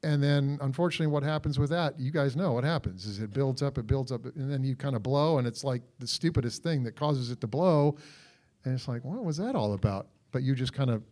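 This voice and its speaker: A man's voice: mid-range voice, expressive, fairly quick, darkish tone. Easygoing middle-aged man co-host. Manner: easygoing, self-deprecating. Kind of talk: casual faith chat.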